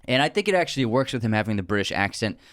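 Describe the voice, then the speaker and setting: A man's voice: lowish voice, very animated, racing, a bit bright, no room sound, studio quality. A man co-hosting a film podcast, chatting casually about a movie and often restarting his sentences. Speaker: podcast co-host.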